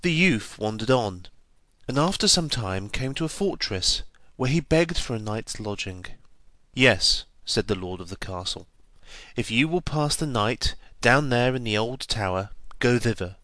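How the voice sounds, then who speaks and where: A man reading an old fairy tale aloud in a measured storybook manner, giving the characters' lines a light touch of voice. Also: mid-range voice, expressive, a bit bright, no echo. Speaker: narrator.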